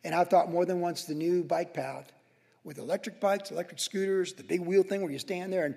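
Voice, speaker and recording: A man in his sixties delivers a sermon in a chatty, story-driven way, his fairly high voice carrying a gravelly edge. The sound rings out with a long reverb, as if in a large church hall. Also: expressive. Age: 60s. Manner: anecdotal, conversational storytelling with quick asides. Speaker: pastor.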